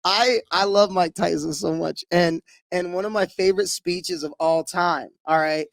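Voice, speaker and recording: An animated man co-hosting a casual podcast, his voice pitched fairly high for a man. He tells stories with gusto and stumbles over repeated words as he builds up to a joke. The sound is dry and close, with no room around it. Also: normal speed, creaky, dry recording. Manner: animated storyteller, repeats words when excited. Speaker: podcast co-host. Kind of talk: casual chat.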